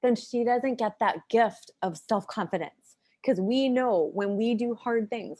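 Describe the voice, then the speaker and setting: A woman's voice: mid-range voice, normal speed, a little mellow, soft background music. A woman guest educator in a video-call interview, speaking earnestly and giving advice about raising girls. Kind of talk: conversational interview.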